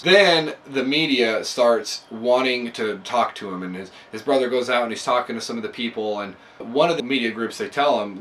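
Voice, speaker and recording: Man, podcast host, casual storytelling, animated, mid pitch, distant mic, faint hum. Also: moderate pace, few pauses. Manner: animated, relaxed, filler-heavy.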